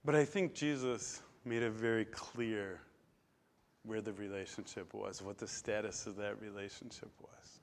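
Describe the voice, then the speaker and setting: A man preaching a sermon, emphatic, swinging between loud stressed words and quiet, low drops. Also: steady tone, measured pace.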